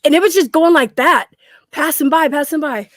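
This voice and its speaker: A woman's voice: sits high, moderate pace, no echo, clean studio sound. A middle-aged woman telling a story in a casual chat at home, acting out the quoted lines and laughing often. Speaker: guest.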